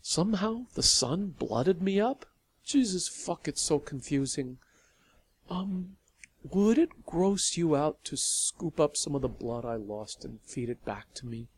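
The narrator of an audio story voicing a wounded woman vampire who is husky, crude and swears freely. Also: mid-range voice, animated, measured pace, a little mellow, voice pushed up. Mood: tender, joking. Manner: swears freely, laughs giddily.

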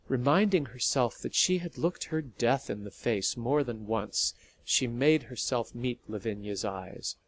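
A man reading a story aloud in a steady, measured narration. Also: medium pitch.

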